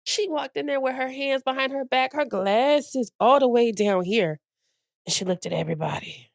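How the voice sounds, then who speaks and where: A woman's voice: normal speed, vocal fry, dry recording, clean studio sound. A woman in her late twenties co-hosting a podcast, telling a school story in casual chat and acting out the people she quotes. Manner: animated, acts out quotes with big pitch jumps and laughter. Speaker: podcast co-host.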